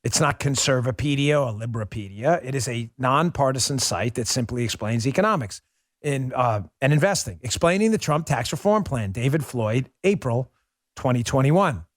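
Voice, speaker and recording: A man's voice: medium pitch, lively intonation, normal speed, dry recording, studio quality. A man hosting a political commentary show, delivering a sarcastic, mocking opinion monologue.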